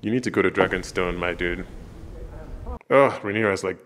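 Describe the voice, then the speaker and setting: A man giving casual reaction commentary, animated and jokey, laughing often and acting out characters in playful voices. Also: deep voice, normal speed, a little hiss or hum. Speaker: reaction video host.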